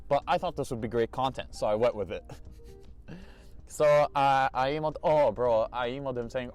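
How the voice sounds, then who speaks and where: Over soft background music, a teen boy chats through a storytime vlog for his YouTube channel, his mid-range voice moving a little fast. The delivery is lively and talkative, peppered with exasperated remarks.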